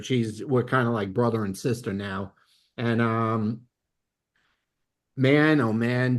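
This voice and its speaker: A man leading a network marketing training, speaking emphatically and often checking in with "okay?". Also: medium pitch. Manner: emphatic, peppers lines with "okay?"; excitable, bursts of laughter. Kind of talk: motivational training talk.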